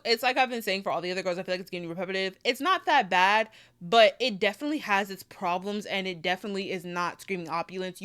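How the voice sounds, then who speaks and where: A woman's voice: medium pitch, a bit bright. A woman giving casual review commentary on a TV show, emphatic and repetitive, with lots of "like" fillers.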